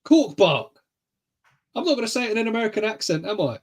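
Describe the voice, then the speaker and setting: A man's voice: high-pitched, racing. A man with a British accent co-hosting a podcast in casual, teasing chat. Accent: British English. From United Kingdom. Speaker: podcast co-host.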